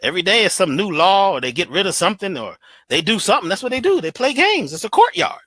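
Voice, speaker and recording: A man holding forth in an animated motivational talk, emphatic and preachy, swinging his pitch all over. His tone is bright and forward, and the recording is close and dry with no room sound. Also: fast talker, dry recording. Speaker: guest speaker.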